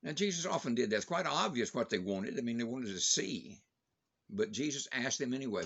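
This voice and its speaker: An older man with a gravelly, somewhat husky voice gives a daily Bible devotion. He talks plainly and conversationally, stopping to restart phrases and add small fillers, in a mid-range pitch. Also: animated, brisk, fairly bright tone, lo-fi sound. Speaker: preacher giving a daily devotion.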